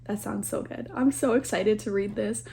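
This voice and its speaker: A young woman in her twenties, talking fast and excitedly in a casual reading vlog. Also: medium pitch, gravelly. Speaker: book vlogger.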